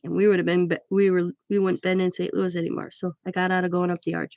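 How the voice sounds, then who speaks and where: A woman's voice: fairly low pitch, level tone, quick pace, creaky, darkish tone, no echo, clean studio sound. A middle-aged woman telling a rambling personal story in a casual, chatty way while crafting, often correcting herself mid-sentence. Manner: chatty, rambling, with frequent self-corrections and laughs. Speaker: craft vlogger.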